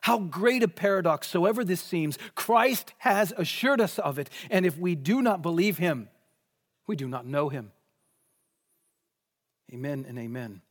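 A man preaching a sermon in an earnest way, slowing down and stretching key phrases for emphasis. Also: a little high, expressive.

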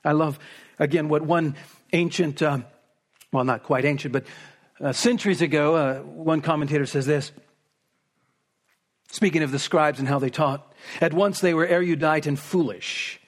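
Husky man preaching with emphatic rises. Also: on the high side, fairly even intonation, normal speed, long pauses. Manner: emphatic, rising to forceful peaks on repeated phrases. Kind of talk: expository sermon.

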